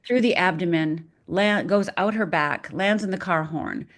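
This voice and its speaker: A woman's voice: on the low side, measured pace, fairly bright tone. A middle-aged woman from Upper Michigan, a podcast guest telling a personal story dramatically and acting out the voices in it.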